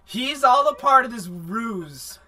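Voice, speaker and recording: A man hosting a livestream anime review, recapping the plot in a rambling, profane, animated way. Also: very high-pitched, slow.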